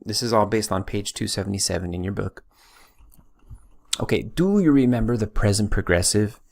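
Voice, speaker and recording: A man teaching a recorded Spanish grammar lesson, patiently drilling verb forms with slow, stressed repetitions. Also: on the low side, vocal fry, darkish tone. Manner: patient, drills conjugations slowly with emphasis.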